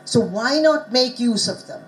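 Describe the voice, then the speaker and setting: A middle-aged woman presents at a conference in a lively, teacherly way. Her voice sits a little high, and she keeps pausing to quiz her listeners and stress key words. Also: slight background noise, rough recording. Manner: quizzes the audience, animated teacherly emphasis. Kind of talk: interactive teaching talk.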